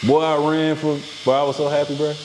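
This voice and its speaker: A young man with a Southern Georgia accent, hosting a podcast and telling stories in a relaxed, slangy way. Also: fairly high pitch, fast. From Fort Valley, Georgia. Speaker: podcast host, interviewer. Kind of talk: casual podcast chat. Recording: hissy recording.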